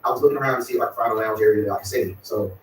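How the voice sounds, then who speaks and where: A man's voice: on the low side, racing, reverberant, far from the mic, slight background noise, rough recording. A man, talking casually to his viewers in a rambling way, full of "y'all" and "you know what I'm saying.". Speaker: vlogger.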